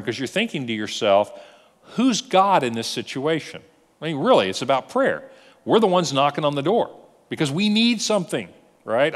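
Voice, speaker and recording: Animated male pastor in a reverberant hall. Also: fairly high pitch. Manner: animated storyteller, acts out dialogue. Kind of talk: sermon teaching.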